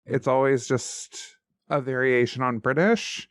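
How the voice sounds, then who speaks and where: A man co-hosting a relaxed podcast, chatting animatedly about what he has been reading and watching. His voice is smooth and resonant, at an ordinary pitch, recorded close and dry. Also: measured pace, no echo. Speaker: podcast co-host. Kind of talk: casual chat.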